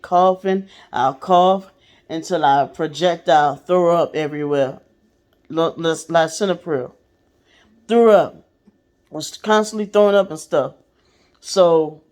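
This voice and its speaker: A woman's voice: mid-range voice, darkish tone. A woman casually telling a personal story to her viewers, in a blunt, profane way. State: sick. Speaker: vlogger.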